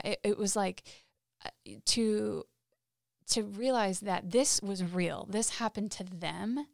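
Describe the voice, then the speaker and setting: A woman guest telling personal stories in an interview, halting and heartfelt, with frequent restarts. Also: mid-range voice, gravelly, no echo, studio quality. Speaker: podcast guest. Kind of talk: candid interview storytelling.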